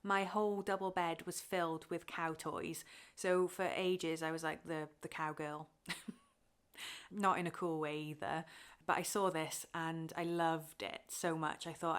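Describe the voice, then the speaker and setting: A woman's voice: low voice, flat delivery, a little slow, clear, resonant tone. A young woman from Wales chatting casually to camera about her cross-stitch, talking openly and getting emotional, with fillers and laughs.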